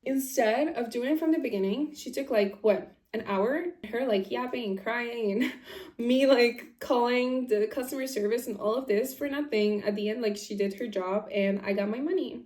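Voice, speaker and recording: A woman's voice: fairly high pitch, normal speed, darkish tone. A woman vlogger telling a story in casual chat, emphatic, saying "like" a lot and laughing as she goes. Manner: chatty and emphatic, often says "like", laughs while telling. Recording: echoey room.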